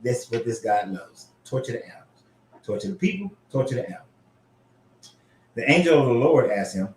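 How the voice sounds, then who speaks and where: A man hosting a casual commentary show, reading scripture aloud and reacting in an animated, profane way. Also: mid-range voice, normal speed, pauses often, echoey room. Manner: animated, profane, frequently laughing. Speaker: host.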